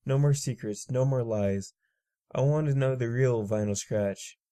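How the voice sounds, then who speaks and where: A man's voice: mid-range voice, a little slow, dark tone, clean tone, natural voice. A man voicing a prim, upper-class young female pony who teases and asks eager questions. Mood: earnest.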